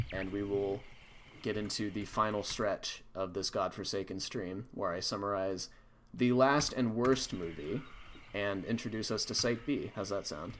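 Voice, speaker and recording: A man's voice: fairly low pitch, fairly bright tone, a little hiss or hum. A man hosting a stream, telling a story in a casual, rambling way with many fillers and restarts. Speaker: stream host.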